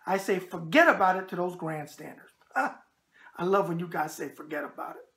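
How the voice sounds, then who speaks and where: A man's voice: high voice, lively intonation, a little fast, a bit bright. Brash wisecracking man with a New York accent. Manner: brash, wisecracking, repeats catchphrases. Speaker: boxing show host. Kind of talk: casual show hosting, answering viewer emails.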